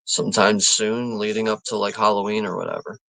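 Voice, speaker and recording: A man's voice: on the low side, flat delivery, a little fast, gravelly, sharp tone, no echo, low-quality recording. A man hosting a live watch party stream, chatting casually and rambling, with lots of fillers, restarts and easy chuckles. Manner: easygoing, chuckles often.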